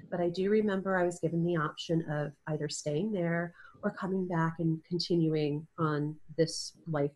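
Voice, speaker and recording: Her lowish voice comes through poor audio in this audio-only interview. The woman, a guest in casual interview talk, speaks in an earnest, searching way and keeps restarting her sentences.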